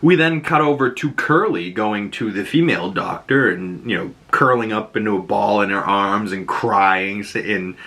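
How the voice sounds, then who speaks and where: A man with a Boston accent giving a casual, profane and excitable breakdown of a TV episode as its host. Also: on the low side, moderate pace, hardly any pauses. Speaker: show recap host.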